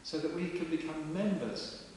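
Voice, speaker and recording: A man's voice: on the high side, moderate pace, darkish tone. A man preaching a sermon in a parish church, in a chatty, plain-spoken way. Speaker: vicar. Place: large stone parish church. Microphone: distant camera mic. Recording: echoey church from far off with hiss.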